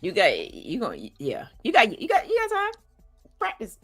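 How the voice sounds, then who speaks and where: Teasing woman co-host, animated pitch. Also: moderate pace, breathy edge, no room sound, faint music behind. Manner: teasing, dismissive, laughing. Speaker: podcast co-host. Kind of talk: casual banter.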